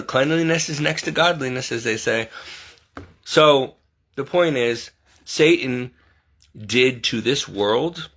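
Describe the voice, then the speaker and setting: A man's voice: medium pitch, bright, forceful tone. A man hosting his own channel, talking off the cuff in a heated, emphatic way, firing off rhetorical questions and mimicking other people in raised voices. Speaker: online commentary host. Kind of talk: unscripted monologue to camera.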